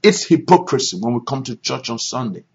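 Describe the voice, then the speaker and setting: A male pastor with a gravelly, husky voice leads prayer and a sermon. He hammers home his points by repeating them. The sound is dull and lo-fi, like a conference call recording. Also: medium pitch, sing-song, brisk. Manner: emphatic, repeats phrases for stress.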